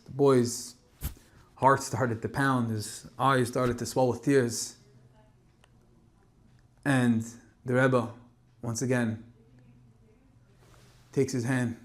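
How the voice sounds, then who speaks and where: A man telling an emotional story in a Torah talk, moving between loud emphasis and hushed tones. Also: medium pitch. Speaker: speaker giving a Torah talk.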